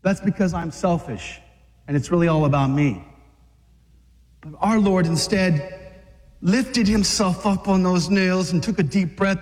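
A man preaching an impassioned sermon to a group of men, exhorting them and rising to shouts. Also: high-pitched, animated, slow pace, long pauses, in a large hall. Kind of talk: fiery sermon.

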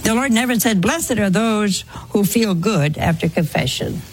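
A woman's voice: medium pitch, lively intonation, normal speed, slight background noise. A woman giving a spoken sermon to a congregation in a folksy way, full of rhetorical questions and anecdotes. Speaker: religious speaker.

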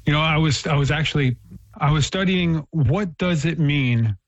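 A man's voice: on the high side, normal speed, no echo. Earnest man telling a faith story. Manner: earnest, storytelling, frequent restarts. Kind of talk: casual conversational talk. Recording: dull, dry lo-fi recording.

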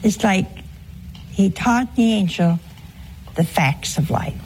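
A woman's voice: mid-range voice, expressive, takes it slowly, noisy background. A woman preaching a humorous sermon, teasing her listeners with rhetorical questions and frequent chuckles.

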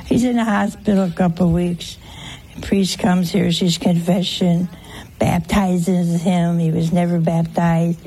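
A woman's voice: lowish voice, little pitch movement, measured pace, warm tone, husky. A woman giving an informal sermon, teasing her listeners with rhetorical questions and humorous anecdotes. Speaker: religious teacher.

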